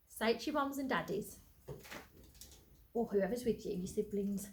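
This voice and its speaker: A woman's voice: on the high side, animated, slow pace, long pauses. A woman teacher, giving a phonics lesson and sounding out letters in an encouraging way. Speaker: primary school teacher. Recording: echoey room, faint background noise.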